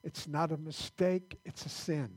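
A male pastor giving a conversational sermon in a church, halting and repeating words as he restarts his sentences. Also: fairly high pitch, steady tone, a little mellow.

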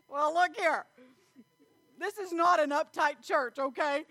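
A woman's voice: extremely high pitch, big pitch swings, very slow, long pauses, pushed and bright, dry recording. A woman preaching a folksy sermon, telling family stories and reading scripture. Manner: folksy storytelling with Bible reading, laughs often.

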